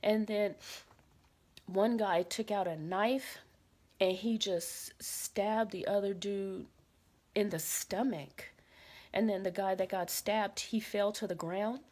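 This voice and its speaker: A woman's voice: medium pitch, slow. A woman casually recounting a frightening dream, repeating phrases and dropping into whispers for quoted lines. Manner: dramatic retelling, drops to whispers for quoted lines; animated, repeats phrases, many fillers. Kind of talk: casual spoken storytelling.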